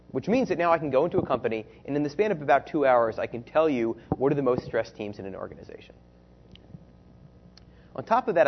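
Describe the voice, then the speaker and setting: A man's voice: mid-range voice, breathy edge, muffled recording. A man who is a researcher giving a conference-style presentation, speaking conversationally and often checking in with the audience through rhetorical questions.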